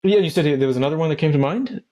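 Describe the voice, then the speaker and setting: A man hosting a podcast interview, talking in a thoughtful, halting way as he searches for words. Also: on the high side, warm tone. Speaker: podcast host. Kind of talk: reflective interview talk.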